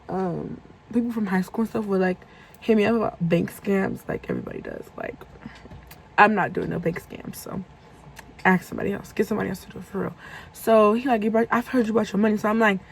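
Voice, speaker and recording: A young woman tells a casual storytime to her camera, animatedly acting out both sides of a conversation. Her voice is gravelly with vocal fry and a husky edge. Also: mid-range voice, a little mellow, rough recording. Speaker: vlogger.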